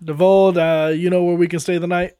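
A man's voice: high-pitched, little pitch movement, fairly quick, warm tone, clean tone, no echo. A man playing a tabletop game, joking with a dry wit. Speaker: player. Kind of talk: tabletop role-play chat.

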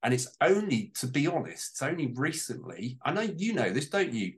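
A man talks at length to a small group, his words tumbling out in long, winding sentences. He sounds deeply moved and close to tears at times, with the open, emotional tone of a personal testimony. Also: sing-song, moderate pace. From United Kingdom. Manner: heartfelt, close to tears, rambling. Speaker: guest on a panel.

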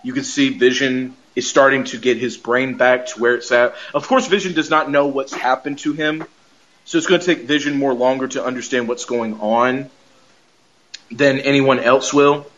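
A man hosting a podcast, recapping a TV episode in rambling, animated casual chat. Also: mid-range voice, normal speed, dull audio. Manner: rambling, animated, laughs often. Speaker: podcast host.

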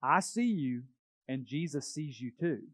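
A man's voice: mid-range voice, animated, a little slow, fairly bright tone, breathy edge, no room sound. A man voicing a house parrot that keeps repeating a warning, in a sermon story. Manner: repetitive squawking warning.

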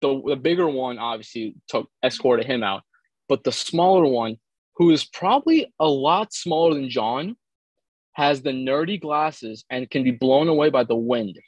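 A man's voice: mid-range voice, animated, normal speed, slightly rough, no room sound, rough recording. Young man telling a crude story. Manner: rambling, crude, jokey anecdote teller. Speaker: podcast co-host. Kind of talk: casual storytelling chat.

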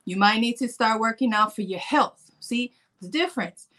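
Woman, 40s, casual vlog chat, animated, fairly high voice. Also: moderate pace. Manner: animated, playful, acts out her own inner voice. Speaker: fitness vlogger. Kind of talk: casual vlog talk to camera.

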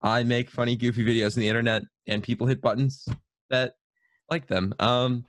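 A man's voice: medium pitch, little pitch movement, moderate pace, no room sound. A man in his twenties, a podcast guest, talking casually in a modest, hesitant way with many fillers. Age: 20s.

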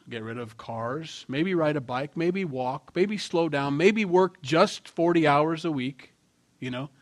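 A man preaching a sermon in a conversational tone, swinging between loud emphasis and quiet asides. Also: a little high. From Norwegian heritage. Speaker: pastor.

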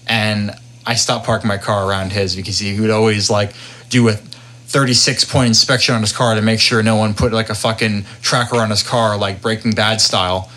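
Low-voiced young man telling work stories. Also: a little fast. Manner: profane, animated retelling with quoted voices. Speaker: podcast co-host. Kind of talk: casual chat, storytelling.

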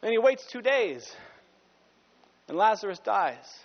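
A man's voice: high voice, big pitch swings, slow, big-room sound, dull audio. A male pastor preaching a sermon with passion, sometimes stopping to correct himself.

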